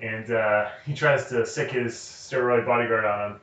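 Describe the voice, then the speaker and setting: A man's voice: mid-range voice, fairly even intonation, moderate pace, a bit bright. A man co-hosting a casual movie podcast, blunt and profane, laughing a lot. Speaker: podcast co-host. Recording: roomy and distant.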